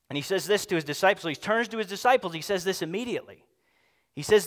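A man preaching a sermon as pastor, animated, acting out quoted speech in changing voices. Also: on the high side, fast talker, in a large hall.

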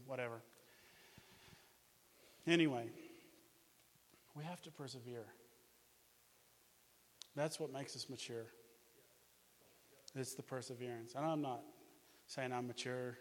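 A man shares his faith story as a sermon, his voice ringing with long reverb through a hall. He tells it animatedly, sinking to near-whispers and then rising to loud, emphatic peaks. His pitch sits in an ordinary middle range. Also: a little slow, pauses often, slight background noise. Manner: animated storytelling, swings from hushed to loud with laughs. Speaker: missionary base leader. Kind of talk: testimony sermon.

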